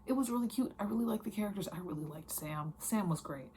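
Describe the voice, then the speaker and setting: A woman's voice: medium pitch, animated, fast talker, dark tone, slight background noise. A young woman with a Midwestern accent, chatting casually and rambling through a weekly book wrap-up with lots of fillers. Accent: Midwestern American. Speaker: book reviewer.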